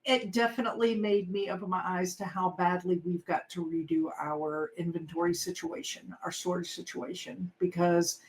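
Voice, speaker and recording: A woman's voice: on the low side, steady tone, moderate pace, few pauses, poor audio. A middle-aged woman co-hosting a podcast, chatting casually and rambling with lots of fillers. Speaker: podcast co-host. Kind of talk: casual chat.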